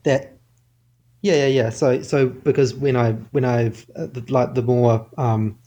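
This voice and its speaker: A young man in his twenties calling in for advice, halting and unsure, with a flat, mellow voice. He trails off and restarts often. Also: medium pitch. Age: 20s. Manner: hesitant, halting, many fillers. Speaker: caller.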